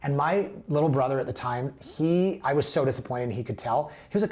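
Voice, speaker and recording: A man's voice: fairly high pitch, expressive, fairly quick, darkish tone. A man hosting a real estate show, chatting casually through listings and drifting into playful tangents.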